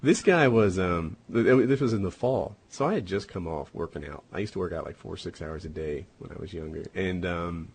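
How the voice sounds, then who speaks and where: Podcast co-host, male, low-pitched and a little rough, casual storyteller with lots of fillers. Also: fairly quick, few pauses. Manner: rambling, many "and, uh" fillers.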